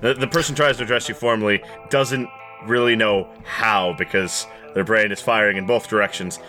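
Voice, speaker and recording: A man's voice: lowish voice, fairly even intonation, normal speed, sharp tone, faint music behind. A man narrating as game master of a tabletop game, wry and a bit hesitant.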